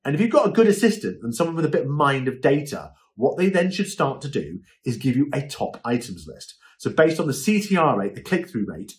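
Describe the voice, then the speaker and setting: A man's voice: mid-range voice, big pitch swings, brisk, few pauses. A man giving a chatty, informal lesson on livestream selling, often checking in with "okay?". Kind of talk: informal instructional talk.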